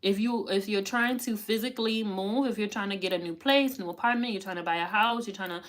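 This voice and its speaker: A woman's voice: mid-range voice, brisk. A woman giving a live tarot reading, talking in emphatic, repetitive, slangy bursts full of profanity and pep-talk urging. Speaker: tarot reader.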